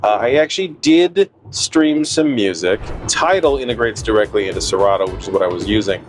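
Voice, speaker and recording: A man's voice: on the low side, animated, a little fast, over music. A man vlogging casually about working as a DJ, telling stories in a chatty, self-deprecating way. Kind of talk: casual vlog talk to camera. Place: in a car and at a wedding venue.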